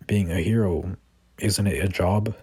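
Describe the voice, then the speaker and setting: A man voicing a quiet, guarded young male vigilante in a fan-made spoken story, reading the quoted lines plainly. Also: low-pitched, fairly even intonation, a little slow, breathy edge, no echo.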